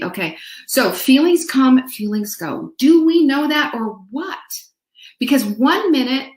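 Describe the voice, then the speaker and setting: In a roomy-sounding space, a woman hosting a motivational show talks to her viewers with a medium-pitched, animated voice at a slightly slow pace. Her upbeat patter is playful and conversational, punctuated by little songs and imitated voices.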